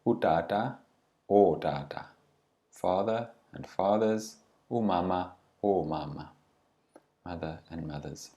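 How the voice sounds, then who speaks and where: A man's voice: low voice, warm tone. A man teaching a language lesson, saying each word carefully and then giving its meaning. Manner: deliberate, pronounces each word then glosses it.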